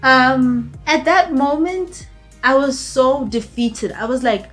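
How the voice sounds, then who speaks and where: A woman's voice: sits high, unhurried, soft background music. A young woman from South Africa, casually retelling a personal story as a storytime vlogger, acting out what others said. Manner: animated, acts out quoted lines, frequent "right?" and "you know?". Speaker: YouTuber.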